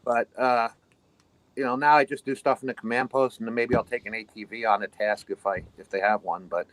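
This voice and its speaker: A man's voice: mid-range voice, steady tone, brisk, a bit bright, no room sound, rough recording. A man with a New York accent, a guest on a casual chat, giving practical tips step by step.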